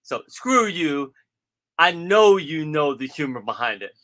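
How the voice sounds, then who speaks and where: Bright-voiced joking man. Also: a little high, unhurried. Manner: joking, teasing, self-mocking; quotes people in animated voices. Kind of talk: casual chat.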